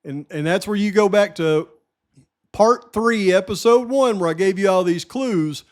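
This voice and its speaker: A man's voice: sits high, measured pace. A man hosting a true-crime channel, talking straight to his viewers in emphatic casual commentary and repeating his points.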